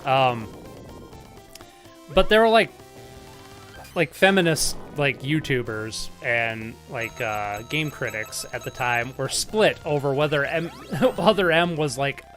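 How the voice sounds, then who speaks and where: A young man streaming retro games, chatting in a rambling, animated way with lots of filler words and frequent laughs. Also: medium pitch, takes it slowly. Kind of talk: casual live-stream chat while playing. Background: faint game music.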